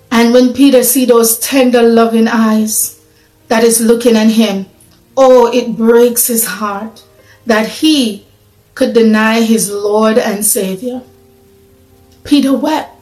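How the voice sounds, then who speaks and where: A woman's voice: fairly high pitch, darkish tone, reverberant, rough recording. A woman preaching a sermon in an earnest, conversational way, asking her listeners questions.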